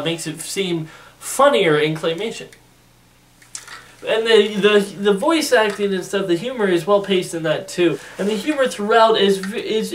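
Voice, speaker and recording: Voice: medium pitch, fairly bright tone. Rambly movie reviewer, keeps restarting and saying you know, mic kinda far off with some hiss. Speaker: film reviewer. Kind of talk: casual spoken movie review. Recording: distant mic with faint hiss.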